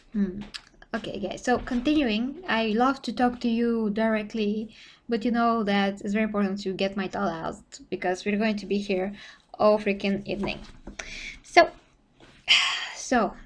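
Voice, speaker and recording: A young woman from Bulgaria hosts a casual live stream, speaking English with a Bulgarian accent. She rambles from thought to thought and leans on "you know" fillers. Her pitch sits in a middle range, and her voice is getting tired from talking for a long time.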